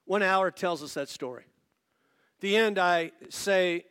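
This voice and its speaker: A male pastor preaches to his congregation in a notably high-pitched voice. He tells a story with lively energy and often breaks off to speak directly to the people in the pews. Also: smooth. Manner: animated storytelling with quick asides to the audience. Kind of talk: sermon. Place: church service before a congregation.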